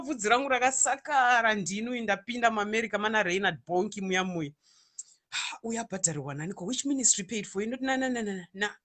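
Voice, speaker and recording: A woman's voice: mid-range voice, lively intonation, a little fast, a bit bright. A Zimbabwean woman with a Zimbabwean accent, talking casually and animatedly to her viewers, switching between Shona and English. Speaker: online radio DJ and ministry speaker.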